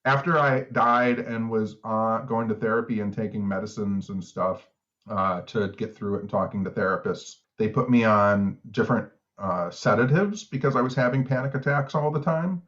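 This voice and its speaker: A man's voice: fairly low pitch, moderate pace, fairly bright tone. A middle-aged man co-hosting a podcast, telling stories in a rambling casual way with lots of filler words. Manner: rambling storyteller, many "like" fillers. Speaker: podcast co-host. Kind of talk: casual chat. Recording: slightly dull lo-fi sound.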